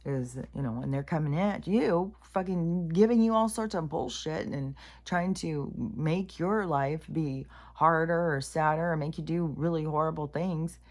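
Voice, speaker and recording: A spiritual vlogger with a deep voice talks to camera at a measured pace with few pauses. Her casual spiritual monologue is blunt, profane, and rambling, and she's plain-spoken enough to call herself raunchy.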